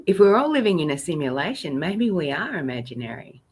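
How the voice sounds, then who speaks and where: Lively husky woman. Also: deep voice. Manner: chatty, playful, quick to laugh. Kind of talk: casual live chat.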